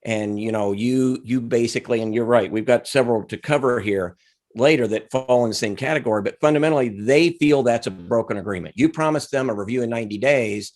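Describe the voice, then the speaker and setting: A man co-hosting a podcast, explaining a point in a measured, casual way. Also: mid-range voice, a little mellow. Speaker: co-host.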